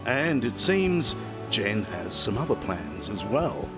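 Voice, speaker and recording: A male reporter giving scripted TV narration in a measured storytelling way. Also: lowish voice, very animated. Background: music bed.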